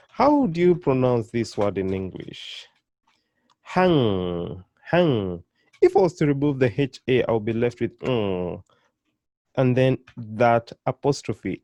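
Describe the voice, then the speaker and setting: A man's voice: medium pitch, dark tone, no room sound. A man teaching a beginner pronunciation lesson, patient and encouraging, repeating syllables one by one. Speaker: language teacher.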